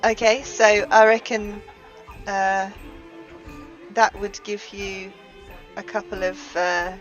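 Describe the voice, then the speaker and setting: Woman game master, slow pace, faint music behind. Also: medium pitch, fairly even intonation, lo-fi sound. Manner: unhurried, hesitant with fillers. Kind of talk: narrating a tabletop game.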